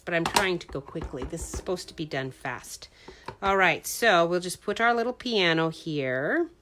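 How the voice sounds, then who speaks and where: This card-making crafter, a middle-aged woman, keeps up a chatty, rambling self-talk during a casual demo. Her fairly low voice is animated and a bit bright at normal speed, with a little hiss or hum plus paper crinkling and stamp clicks behind her.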